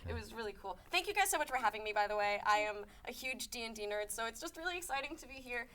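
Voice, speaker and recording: Fast, lively woman gushing as a guest. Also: a little high. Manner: bubbly, enthusiastic storyteller. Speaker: guest player. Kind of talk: casual livestream chat.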